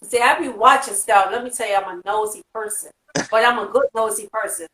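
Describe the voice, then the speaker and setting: A woman from Atlanta, hosting a casual interview in an excitable, rambling way with quick laughs. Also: medium pitch, distant mic. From Atlanta, USA. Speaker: host. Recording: echoey room, away from mic.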